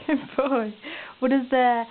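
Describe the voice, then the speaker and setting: A woman's voice: high-pitched, steady tone, slow. A woman filming her toddler at home, coaxing him in a sing-song voice and praising him over and over. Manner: sing-song, praising, doting baby talk. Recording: tinny lo-fi home video with faint hiss.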